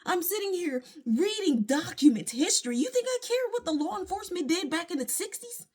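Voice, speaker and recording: A woman's voice: extremely high pitch, expressive, brisk, a little mellow. A woman, venting her frustration emphatically to a phone camera at home. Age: late 20s. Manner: frustrated, emphatic ranting with religious asides. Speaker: vlogger. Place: at home, indoors.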